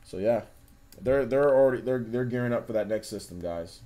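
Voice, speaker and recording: A warm, mid-range male voice, moving a little fast, hosts a livestream against faint background music. He rambles in a relaxed way, uses lots of fillers, and addresses the chat directly.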